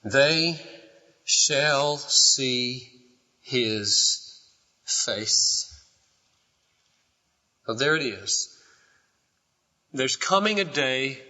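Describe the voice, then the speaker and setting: An older man preaching a sermon with impassioned swings from quiet to shouting, recorded in a church hall. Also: medium pitch. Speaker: pastor. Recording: dull recording in a large hall.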